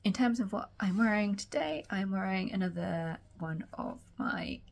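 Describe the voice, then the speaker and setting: Slightly croaky woman chatting about sewing. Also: medium pitch, moderate pace. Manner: chatty, rambling with many fillers. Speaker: sewing vlogger. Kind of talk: casual chat to camera. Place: home sewing room.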